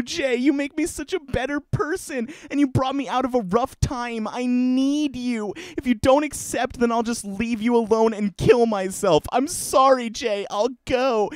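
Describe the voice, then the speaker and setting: Clingy young woman played by a man, whiny begging and bitter mockery, voice pitched high. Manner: whiny pleading, then mocking and bitter.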